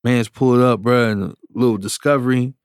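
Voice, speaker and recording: Animated man telling a slangy story. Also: medium pitch, fairly quick, smooth, dry recording, studio quality. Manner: animated, slangy, acts out quoted voices. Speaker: music producer telling a story. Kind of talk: casual storytelling.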